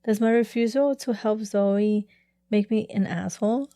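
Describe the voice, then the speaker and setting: A woman's voice: medium pitch, measured pace, mellow, no room sound. Woman podcast host reading reddit-style stories, chatty, laughs a lot, dry close mic. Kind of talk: casual chat, reading stories aloud.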